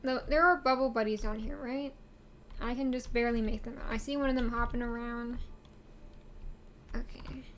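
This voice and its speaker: High-voiced woman rambling while gaming. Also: steady tone, moderate pace, long pauses, slight background noise. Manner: rambling, giggly, talks to herself with questions. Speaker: streamer. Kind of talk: casual game commentary.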